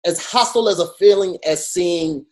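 A man co-hosting a podcast, talking in an animated, emphatic way full of fillers. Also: high voice, normal speed. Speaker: podcast co-host. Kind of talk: casual chat.

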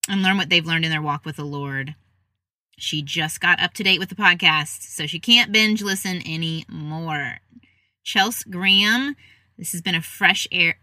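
A woman hosts her podcast in a casual, chatty way, reading listener reviews aloud and adding quick asides. Her voice sits a little low for a woman but sounds bright and forceful. The sound is dry and close, with no room around it. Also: no echo. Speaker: podcast host.

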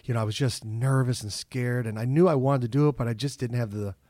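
Man, middle-aged, comedian guest, casual storytelling, lively, dry close sound. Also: medium pitch, fast, no echo. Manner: animated storyteller, acts out his own inner voice. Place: office.

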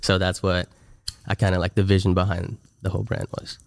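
A young man with a very low voice talks fast and loose, stacking "like" into nearly every phrase. The mic is close and the sound is dry, with no room around him. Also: completely flat delivery, gravelly, dry recording. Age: young adult. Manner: fast, laid-back slang-heavy talk with lots of "like". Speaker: guest, content creator with a glass brand. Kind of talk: casual podcast chat.

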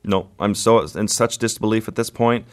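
A man, a wildlife photographer, telling a vivid story at an unhurried pace in an interview. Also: fairly low pitch, slight background noise.

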